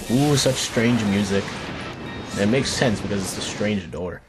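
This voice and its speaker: Over game music, a young man hosts a let's play, his voice on the low side with lively intonation and a slow pace. His commentary is playful and jokey; he rambles, restarts sentences, and talks to the on-screen characters.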